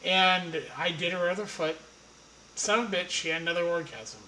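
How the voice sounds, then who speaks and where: A man's voice: sits high, normal speed, bright, forceful tone, reverberant, a little hiss or hum, low-quality recording. A man telling a casual anecdote in a blunt, profane, rambling way.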